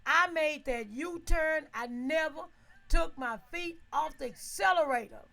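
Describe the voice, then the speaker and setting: A woman tells a story in a relaxed, chatty way, laughing often and checking in with her listeners. Her voice sits high with a gravelly edge. Her tone is bright and sharp. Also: unhurried. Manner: animated, laughs often, asks listeners "right?"; acts out her own shouts and quotes. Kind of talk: casual storytelling.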